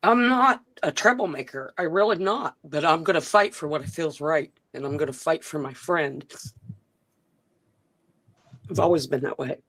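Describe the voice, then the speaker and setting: A woman's voice: deep voice, moderate pace, a bit bright. A worn-out woman speaks as a guest on a live stream. She talks earnestly and emphatically, now apologetic, now firmly standing her ground. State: tired. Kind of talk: emotional live-stream talk.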